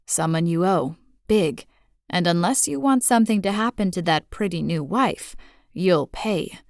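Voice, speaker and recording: A woman's voice: fairly low pitch, animated, measured pace, no room sound, clean studio sound. A woman voicing a menacing anonymous male blackmailer in an audiobook, speaking in cold, threatening tones.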